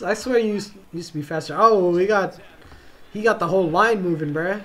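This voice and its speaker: High-voiced young man reacting to football, saying bro a lot. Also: a little fast. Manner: excitable, yelps and drawls "bro" constantly. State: tired, yawning. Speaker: reaction video host. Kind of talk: casual game reaction commentary.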